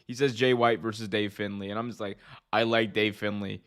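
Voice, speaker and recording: A man's voice: lowish voice, level tone, a little fast, a bit bright, clean tone. A man co-hosting a wrestling podcast, joking around in casual chat. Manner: joking, does mocking put-on voices. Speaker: podcast co-host.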